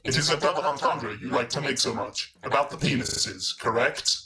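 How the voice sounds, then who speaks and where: A man's voice: medium pitch, moderate pace, crowd noise, lightly acted. A stilted mechanical game console, as a man puts it on. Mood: menacing. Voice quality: faintly mechanical.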